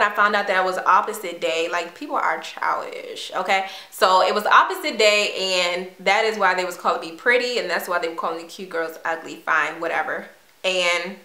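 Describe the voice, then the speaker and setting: Bright-voiced chatty young woman. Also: mid-range voice. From Washington, D.C. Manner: chatty and animated, slangy, acts out voices. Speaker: vlogger. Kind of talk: casual personal storytelling. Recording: echoey room.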